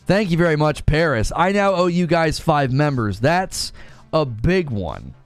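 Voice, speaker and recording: A man's voice: fairly high pitch, measured pace, no echo, soft background music. A man hosting a live gaming news stream, chatting casually and reading out chat messages. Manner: casual, talks to chat, thanks donors excitedly.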